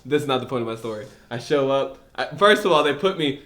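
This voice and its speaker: A man co-hosting a podcast, telling a story casually, animated and laughing as he acts out voices. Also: medium pitch, quick pace. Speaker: podcast co-host.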